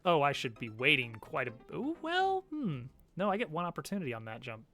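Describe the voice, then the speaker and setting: A man's voice: medium pitch, lively intonation, fast, sharp tone, soft background music. A man streaming a video game, chatting casually and chuckling between asides. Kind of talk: casual chat while playing a game.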